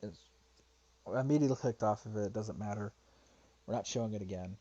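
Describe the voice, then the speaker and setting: A man's voice: lowish voice, fast, dark tone, muffled recording. A man streaming a response video, talking casually and rambling, getting frustrated, swearing and muttering to himself while he searches. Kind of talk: casual livestream commentary.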